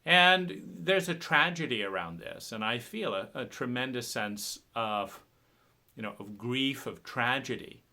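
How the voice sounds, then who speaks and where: A man talking about his own painful past in an emotional, halting monologue, often repeating words and swearing when upset. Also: mid-range voice, animated, bright, forceful tone. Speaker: speaker sharing personal story.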